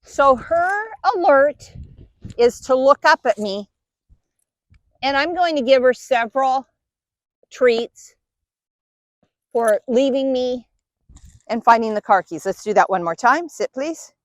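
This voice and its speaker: A woman's voice: sits high, lively intonation, slow, pauses often, no echo. A woman dog trainer patiently explaining each step while giving cues and praise to her dog. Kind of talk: instructional demonstration.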